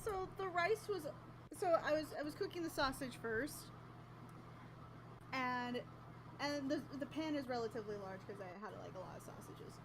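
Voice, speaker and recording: A woman's voice: high voice, expressive, normal speed, noisy background. A woman streamer in casual chat, rambling and self-mocking, often laughing at herself.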